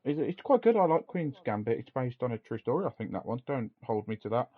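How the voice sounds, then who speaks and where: A man's voice: mid-range voice, sing-song, fast talker. A man co-hosting a casual podcast, chatty and rambling, laughing often. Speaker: podcast co-host. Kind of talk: casual chat. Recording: dull lo-fi sound.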